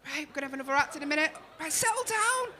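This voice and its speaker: A woman's voice: high voice, expressive, very fast, sharp tone. A woman with a Liverpool accent, compering a comedy night on stage with brash, sweary banter aimed at the crowd. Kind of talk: stand-up compering.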